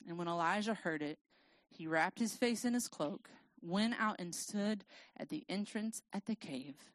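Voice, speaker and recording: A woman preaching in a relaxed, conversational way. She reads scripture aloud and adds wry asides. The sound is dry and close, with no room echo. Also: lowish voice, unhurried. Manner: casual, self-deprecating, lively storytelling. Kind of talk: sermon with scripture reading.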